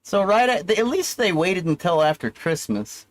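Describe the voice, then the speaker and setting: A man's voice: high voice, very animated, normal speed, poor audio. A man ranting alone on his livestream, rambling and sarcastic with plenty of profanity and self-pity. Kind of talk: solo livestream rant.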